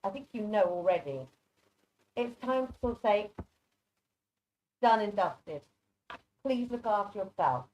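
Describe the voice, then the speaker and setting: A woman's voice: medium pitch, animated, takes it slowly, pauses often, darkish tone, lo-fi sound, a little hiss or hum. Chatty woman giving psychic readings. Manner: affectionate, chatty, calls people darling. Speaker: psychic reader. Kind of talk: live online readings.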